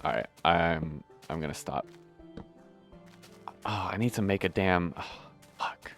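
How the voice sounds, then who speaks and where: A young man with a low, deep voice talks his way through a building game, rambling and correcting himself as he goes. He swears casually and hiccups between lines. Soft music plays faintly underneath. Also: unhurried, creaky. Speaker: gameplay video host. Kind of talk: casual gameplay commentary.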